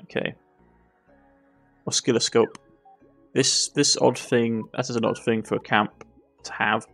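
A Cornish man reading through a detective game, dropping wry, dry asides as he goes. His voice is gravelly and sits at an ordinary pitch. Faint music plays under it. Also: level tone, measured pace, long pauses, fairly bright tone. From Cornwall. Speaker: gaming YouTuber. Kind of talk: let's play, reading game text aloud.

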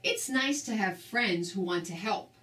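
A woman's voice: medium pitch, animated, measured pace, sharp tone, a little hiss or hum. A woman voicing a little boy who has lost his doll, fretful and plaintive, in a storybook reading. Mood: sad. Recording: roomy, distant mic.

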